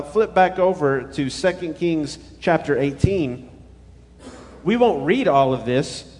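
A man's voice: fairly high pitch, big-room sound. A male pastor preaching a sermon, retelling scripture in a conversational way. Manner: paraphrases scripture in conversational voices.

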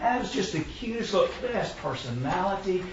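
A smooth, self-satisfied dog trainer, as a preacher puts him on, talking softly and reassuringly. The voice sits a little high and sounds distant and muffled. It comes through an echoey room. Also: male voice, very animated, a little fast, a little hiss or hum. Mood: smug. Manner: soft, reassuring, chatty.

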